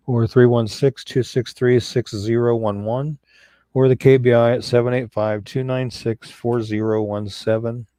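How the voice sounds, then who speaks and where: Earnest, flat-voiced man. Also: lowish voice, no echo. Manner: earnest, folksy, repeats himself. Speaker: co-host of a missing persons show. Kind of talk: casual live-stream talk.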